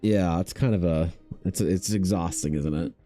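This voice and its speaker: A man in his thirties chatting casually while streaming his art, laid-back, swearing freely and mimicking people in a higher voice. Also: moderate pace, warm tone, soft background music. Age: 30s. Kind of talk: casual chat with chat.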